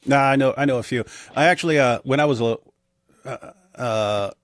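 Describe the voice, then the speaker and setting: A man in his forties, a guest in a casual interview, telling stories in an animated way and acting out quotes. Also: mid-range voice, moderate pace, no echo. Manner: animated storyteller, acts out quotes.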